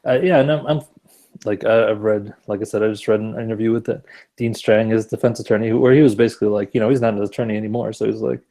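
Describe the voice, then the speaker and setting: Gravelly mellow-voiced man chatting. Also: on the low side, steady tone, quick pace. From Wisconsin. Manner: laid-back, thoughtful, with laughs and fillers. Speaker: podcast co-host. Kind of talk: casual chat.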